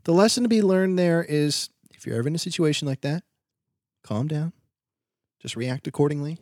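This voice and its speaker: A man on a podcast spins an anecdote with animated, quick bursts and a fairly high voice. He laughs often as he talks. The sound is dry and close to the mic. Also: no room sound. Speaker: podcast co-host. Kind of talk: casual chat and storytelling.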